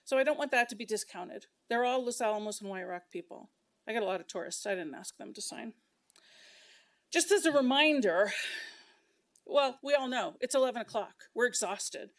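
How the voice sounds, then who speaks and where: A woman's voice: a little high, expressive, normal speed. A middle-aged woman who owns a local business, making an impassioned, indignant public comment at a council meeting. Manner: impassioned, indignant, speaking in bursts.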